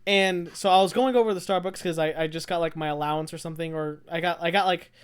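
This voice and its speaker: A young adult podcast co-host telling a rambling, animated story in casual chat, often laughing. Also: mid-range voice, fast, clear, resonant tone.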